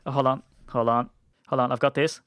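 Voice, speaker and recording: A man with a Wicklow Irish accent rambles through a jokey podcast chat. His voice sits at a middling pitch. The recording is close and dry. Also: little pitch movement, brisk, a bit bright, smooth, dry recording. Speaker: podcast host. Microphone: studio podcast mic.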